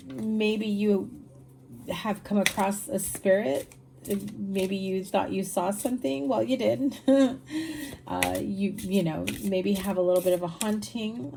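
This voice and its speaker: A woman's voice: medium pitch, gravelly, dark tone, a little hiss or hum. A woman giving a casual tarot reading, chatty and rambling, tired. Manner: chatty, rambling, with fillers and laughs. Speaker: tarot reader.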